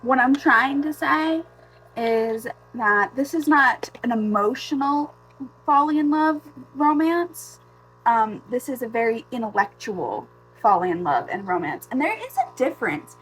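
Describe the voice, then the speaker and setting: A young woman talking casually in a reading vlog, emotional and ranting, swinging from hushed asides to exasperated outbursts, tired from lack of sleep. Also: a little high, expressive, unhurried, slight background noise. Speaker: book vlogger.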